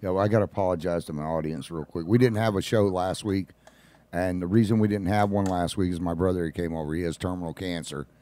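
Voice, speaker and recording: A man hosting a casual talk radio show, folksy and quick to laugh at his own jokes. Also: sits low, fairly even intonation, dark tone.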